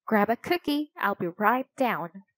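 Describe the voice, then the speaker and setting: A woman's voice: medium pitch, lively intonation, a little slow, no room sound. A woman reading the part of an eager, helpful young boy in a storybook, in a friendly, slightly raised voice.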